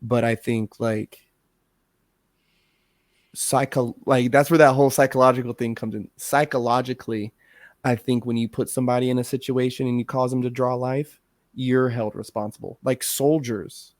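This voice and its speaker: A podcast co-host speaks in a mid-range, fairly even voice at a moderate pace, recorded with clean studio sound and no echo. He talks in a rambling, casual way, full of fillers and swearing.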